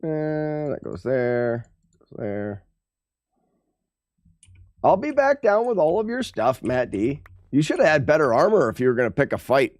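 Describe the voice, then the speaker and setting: A man's voice: fairly high pitch, big pitch swings, a little fast, few pauses, darkish tone, no echo. A man streaming a game live, talking to his chat with playful trash talk. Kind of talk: live gameplay commentary to chat.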